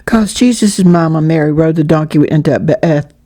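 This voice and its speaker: A woman's voice: low voice, moderate pace, dark tone. A woman voicing an eager, talkative little boy who runs his words together.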